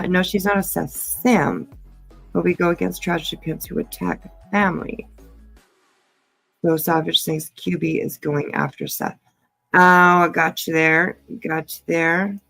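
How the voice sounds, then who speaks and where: Slow, gravelly-voiced tired streamer. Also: mid-range voice, a bit bright, poor audio. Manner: rambling, filler-heavy, hedging. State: tired and yawning. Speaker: livestreaming true-crime commentator. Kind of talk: casual livestream chat.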